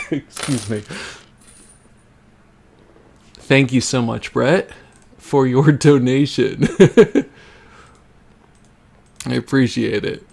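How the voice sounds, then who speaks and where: Gravelly streamer reading a silly story. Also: male voice, medium pitch, takes it slowly, long pauses, darkish tone, a little hiss or hum. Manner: breaks into laughter and wry asides while reading. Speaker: livestreamer reading for a charity stream. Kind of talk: comedic dramatic reading of a fan story.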